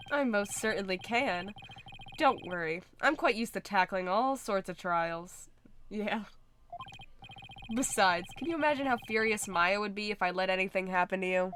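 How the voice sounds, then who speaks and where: A woman's voice: medium pitch, moderate pace, a little hiss or hum. A woman streaming a game, reading the dialogue aloud in different voices and reacting with laughter and chatter between the lines. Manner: animated, laughs often, voices characters.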